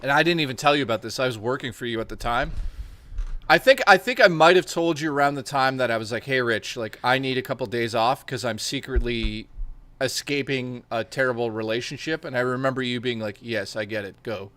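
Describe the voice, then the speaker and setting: A young man in casual chat, telling crude, animated stories with plenty of swearing and laughter. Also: medium pitch, brisk.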